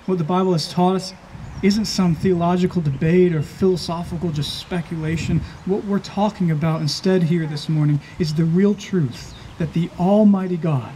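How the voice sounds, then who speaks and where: A pastor preaching an earnest sermon, slowing down and stressing key phrases. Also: male voice, high voice, warm tone, slight background noise.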